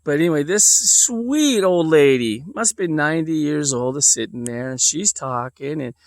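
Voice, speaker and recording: Male vlogger, casual storyteller, meandering delivery; slightly high voice, dry close recording. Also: animated, normal speed, no room sound. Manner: rambling, with lots of fillers and restarts.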